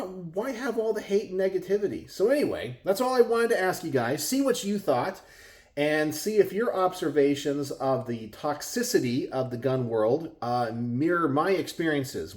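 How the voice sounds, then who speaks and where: A middle-aged man with a Texan accent, talking casually to his viewers from his garage, exasperated and full of rhetorical questions. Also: a little mellow. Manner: exasperated, rhetorical, mimics others in high voices. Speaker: gun channel host. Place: home garage.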